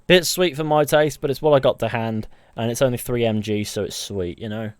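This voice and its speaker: A man's voice: mid-range voice, a little fast, clear, resonant tone, dry recording. A chatty male streamer with a blended Mancunian and West Country English accent, talking in a middling voice. He rambles loosely and answers his chat. The sound is close and dry. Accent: mixed Mancunian, West Country and Southern English. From England. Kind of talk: casual live-stream chat.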